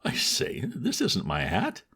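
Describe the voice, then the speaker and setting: A man reading aloud, voicing a flustered, excitable young upper-class gentleman in a raised voice. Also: slow pace, breathy edge, full character voice. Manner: high, breathless and excitable.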